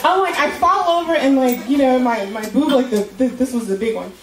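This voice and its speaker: A woman's voice: high voice, a little fast, far from the mic. A woman telling a crude, profane story in a stand-up comedy set, acting out the quotes. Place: comedy club stage. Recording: echoey club recorded from afar, loud noise. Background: audience laughter.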